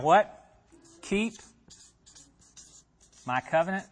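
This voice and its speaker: A man's voice: fairly high pitch, normal speed, a bit bright. A man teaching a Bible passage as a pastor, conversational, asking his listeners questions and repeating himself as he talks it through. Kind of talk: expository sermon.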